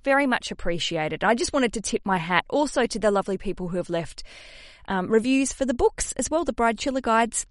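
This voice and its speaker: A woman's voice: a little high, lively intonation, fairly quick, no echo. Australian woman, 30s, podcast host. Chatty, self-deprecating, casual swearing. Dry, close sound. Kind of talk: casual solo podcast chat.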